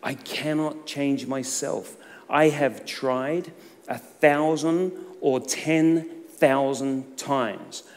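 A middle-aged man preaching a sermon as a pastor, emphatic, rising to loud outbursts and dropping to hushed low lines. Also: takes it slowly. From Australia. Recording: long reverb of a hall.

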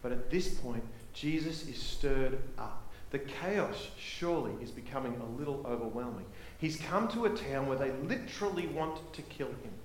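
A man preaching a sermon as pastor, impassioned, swinging from emphatic to hushed and repeating rhetorical questions. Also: medium pitch, expressive, normal speed, hardly any pauses, echoey room, slight background noise, low-quality recording.

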